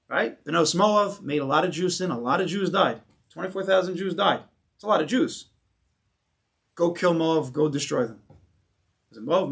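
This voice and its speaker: A man teaching a casual Torah class with a slightly high voice. He talks animatedly, throws out rhetorical questions and acts out the stories he tells. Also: a bit bright.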